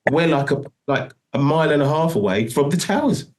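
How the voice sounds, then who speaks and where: A man's voice: fairly high pitch, animated, brisk. A middle-aged man telling a long story in a casual interview, rambling and restarting often. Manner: rambling, full of restarts and "do you know what I mean". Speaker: guest musician.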